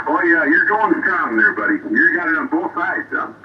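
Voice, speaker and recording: A man's voice: fairly high pitch, sing-song, unhurried, far from the mic. A man chatting casually as a radio operator, laid-back and often saying roger. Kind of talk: casual chat. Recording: muffled radio audio with heavy noise.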